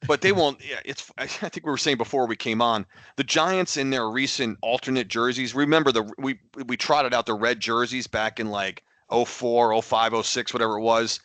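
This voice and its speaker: Man, podcast co-host, bright forceful tone, dry close sound, rambling, exasperated, many restarts. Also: medium pitch, normal speed, dry recording. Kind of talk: casual sports chat.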